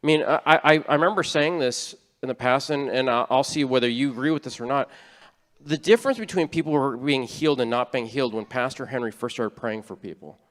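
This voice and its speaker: A man's voice: mid-range voice, fairly quick, a bit bright, long reverb tail. A man preaching a sermon as a church elder, in an earnest, conversational way with frequent restarts. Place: church sanctuary.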